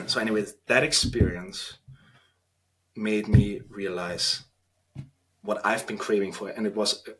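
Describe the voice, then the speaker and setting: A man in his thirties with an Austrian German accent, a guest on a podcast interview, talking earnestly and reflectively with halting restarts. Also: on the low side, steady tone, noisy background. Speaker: podcast guest, trainee priest.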